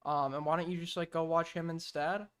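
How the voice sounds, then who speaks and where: A man's voice: on the high side, flat delivery, fairly quick, a bit bright, smooth. Tired, foul-mouthed male streamer. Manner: profane, exasperated and rambling. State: sleep-deprived and tired. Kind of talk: casual reaction stream.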